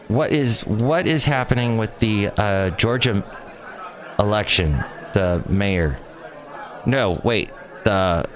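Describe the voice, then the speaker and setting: A man's voice: mid-range voice, a bit bright. A man hosting a show, chatting casually and telling a story with mocking asides. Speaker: host. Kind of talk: casual chat.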